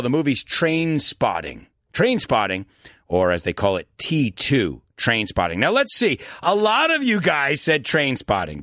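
A man with a New York accent hosting a casual studio chat, animated and laughing often. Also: mid-range voice, no room sound. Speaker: host. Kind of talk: casual chat with live audience.

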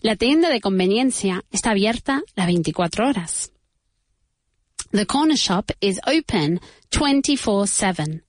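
A woman running a beginner English lesson for Spanish speakers, with a mid-range voice in a dry, close sound. She switches between Spanish and English, saying each model phrase slowly and clearly, then repeating it for learners to copy. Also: mid-range voice, lively intonation, no echo. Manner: slow, exaggerated repetition of model phrases. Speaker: English teacher.

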